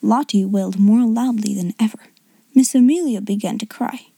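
A woman reading a classic novel aloud as an audiobook narrator, in an even, measured manner. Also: medium pitch, breathy edge, dry recording. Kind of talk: scripted narration.

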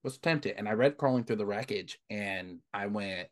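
In casual podcast chat, a young co-host spins stories in a laid-back way, performing the lines others spoke. He talks at a moderate pace in a fairly low voice.

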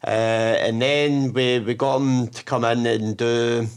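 A man's voice: mid-range voice, fairly even intonation, slow, clean tone. A Scottish man, a musician, telling stories in casual conversation, rambling with many fillers and restarts. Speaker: musician guest.

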